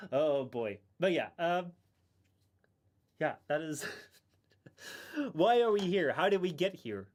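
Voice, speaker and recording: Brief: male streamer, casual stream chat, somewhat high voice, rambles, restarts a lot, chuckles. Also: sing-song, takes it slowly, long pauses.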